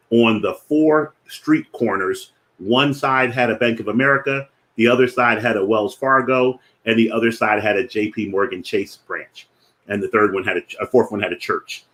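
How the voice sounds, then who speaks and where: A man with a Philadelphia accent hosting a finance show, explaining ideas deliberately and repeating key definitions slowly for emphasis. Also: on the low side, fairly bright tone.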